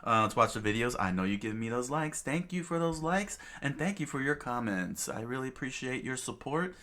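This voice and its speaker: A man's voice: medium pitch, expressive, fairly quick, pushed and bright. A man reading a manga aloud in a chatty way, with lots of fillers and laughs. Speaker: manga reader. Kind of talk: casual manga read-aloud.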